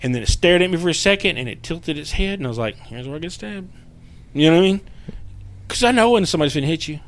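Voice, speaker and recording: A man, a paranormal investigator guest telling a story in casual podcast chat, animated and profane, acting out what people said. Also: a little high, racing.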